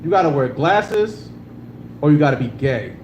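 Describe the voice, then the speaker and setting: This is a man whose voice leans high, very animated but at a moderate pace, doing laid-back, crude stand-up on a club stage. He holds a handheld mic, fills his lines with frequent filler, and plays to a live audience. The sound is roomy, with faint noise in the background.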